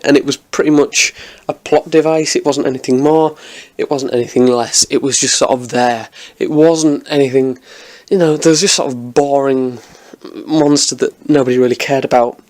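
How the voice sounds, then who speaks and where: A man's voice: a little high, fairly even intonation, moderate pace, a little mellow. Chatty man reviewing TV. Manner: enthusiastic, rambling with many restarts. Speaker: TV episode reviewer. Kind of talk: casual review vlog.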